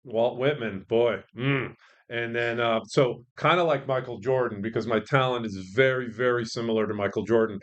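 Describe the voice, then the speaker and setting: A man's voice: medium pitch, moderate pace, dull audio. A middle-aged man, a guest on a casual podcast, telling stories in a joking, self-deprecating way with many restarts. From born in England, raised partly in Israel, then the US. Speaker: guest, sports media veteran and professor.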